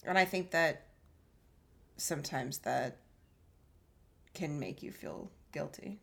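Brief: podcast co-host woman, unhurried and thoughtful, a bit low. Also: creaky. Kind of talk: casual chat.

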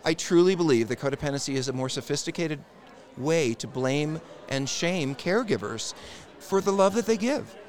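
A man's voice: fairly high pitch, lively intonation, normal speed. A man appearing as a therapist guest on a podcast, speaking with blunt, emphatic conviction. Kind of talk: casual interview.

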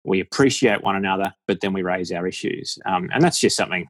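Man, Australian accent, deacon guest, frank and jokey, low-pitched, husky, dry close sound. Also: fast, no echo. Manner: laughs often, frank and jokey. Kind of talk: casual podcast conversation.

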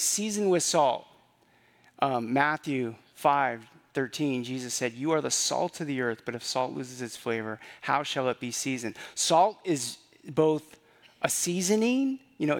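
A man's voice: medium pitch, creaky. A man preaching a sermon in a conversational way, often repeating phrases and asking rhetorical questions. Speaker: pastor.

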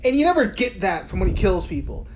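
A woman's voice: mid-range voice, big pitch swings, fast, slight background noise. A woman co-hosting a casual film podcast, swearing freely and laughing as she recaps scenes. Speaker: podcast co-host.

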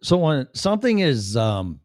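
Animated, rambling man on a livestream. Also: mid-range voice, unhurried, no room sound, studio quality. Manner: animated, profane and rambling, with sudden voice changes. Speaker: livestream host. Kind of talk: casual ranting monologue.

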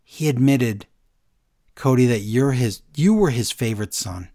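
A man casually chatting as a podcast co-host, retelling a story with lively reactions. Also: mid-range voice, unhurried. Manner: animated storyteller, quoting others in a flat retelling voice. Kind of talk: casual chat, recapping a wrestling segment.

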